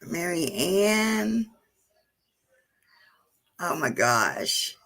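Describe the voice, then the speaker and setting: This channel host has a lowish, slightly bright voice with big pitch swings, and she speaks very slowly. During her casual livestream she chats with viewers, reads chat names aloud and laughs a lot.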